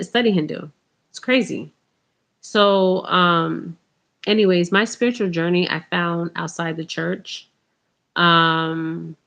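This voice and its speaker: A spiritual vlogger with a lowish, gravelly, slightly bright voice chats casually to camera about her spiritual path. She rambles with lots of ums, keeps asking "okay?", and calls her viewers "you guys."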